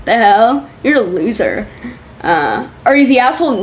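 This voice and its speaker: Chatty, sarcastic young woman with a slightly high voice. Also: big pitch swings, a little slow, over music. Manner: chatty, sarcastic, swears freely, laughs often. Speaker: streamer reacting to forum posts. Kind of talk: casual reaction commentary, reading posts aloud.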